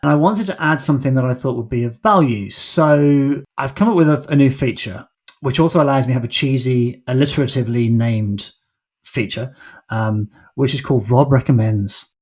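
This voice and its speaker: A man's voice: medium pitch, normal speed, a little mellow, husky. A man hosting a solo podcast, talking casually with wry, self-deprecating asides. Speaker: podcast host.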